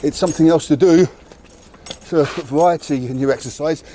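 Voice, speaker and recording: A man's voice: fairly high pitch, brisk, mellow, a little hiss or hum. A man explaining martial arts training in a candid, matter-of-fact way while demonstrating outdoors. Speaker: martial arts channel host. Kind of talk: casual training demonstration to camera. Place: outdoors near a tree.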